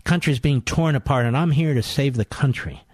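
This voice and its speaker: A man playing a smug, self-important male senator in a lowered, pompous voice. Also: moderate pace, darkish tone, breathy edge, no echo, lightly acted.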